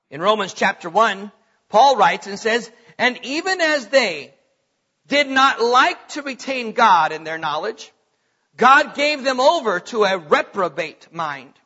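High-voiced preaching man, lo-fi. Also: sharp tone, breathy edge. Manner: preaching with bursts of emphasis, reading scripture aloud. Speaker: pastor. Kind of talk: sermon.

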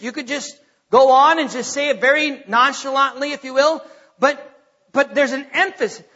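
A male pastor with a strikingly high, bright and husky voice, working through a sermon in an emphatic, teacherly way and checking in with the congregation. The sound is dull and lo-fi, with the long reverb of a church sanctuary.

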